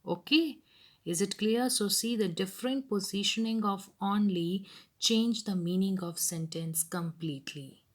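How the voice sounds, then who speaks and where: A woman's voice: mid-range voice, unhurried. A woman teaching an English grammar lesson, reading each example sentence aloud and then repeating it.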